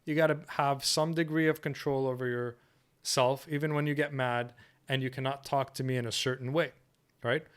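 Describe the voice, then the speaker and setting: A man's voice: mid-range voice, fairly even intonation, moderate pace, smooth. A man coaching a workshop lesson in a firm, assertive way, often checking in with "okay?" and "right?". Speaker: dating coach.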